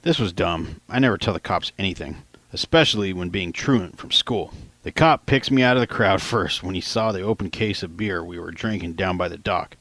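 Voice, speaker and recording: A man's voice: deep voice, normal speed, fairly bright tone, no room sound. A man narrating his own novel as an audiobook in a plain, casual storytelling manner. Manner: plain, casual storytelling, quotes lines in lightly raised voices.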